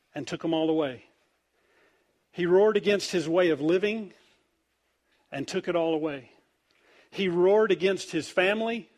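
A man preaches a lively, joking sermon, his voice sitting fairly high for a man. He tells the story with big swings from quiet asides to loud punchlines. He acts out every voice in the scripture as he goes. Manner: animated storytelling, acts out quoted voices, wide swings in loudness. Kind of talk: humorous sermon.

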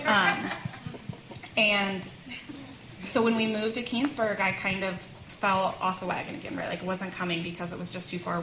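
At a women's church gathering, a woman in her thirties shares a chatty personal testimony in a medium-pitched, fairly bright voice, laughing often between words. The church meeting room sounds roomy, with background noise.

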